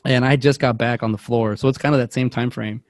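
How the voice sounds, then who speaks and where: A man's voice: mid-range voice, fairly quick, no room sound. A man on a podcast telling a long work story in casual chat, rambling and acting out the voices of the people in it. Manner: rambling, animated, acts out quotes, self-interrupting. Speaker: podcast co-host.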